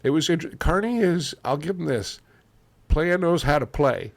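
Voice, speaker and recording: A man's voice: on the high side, expressive, normal speed, vocal fry, no room sound. A Canadian man co-hosting a podcast in a casual, blunt and opinionated chat, swearing freely. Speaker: podcast co-host.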